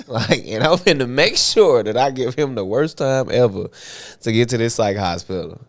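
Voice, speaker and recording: A young man on a podcast, telling a story in a casual, animated way, laughing often and using heavy slang and profanity. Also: mid-range voice, normal speed, no room sound, studio quality. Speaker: podcast co-host.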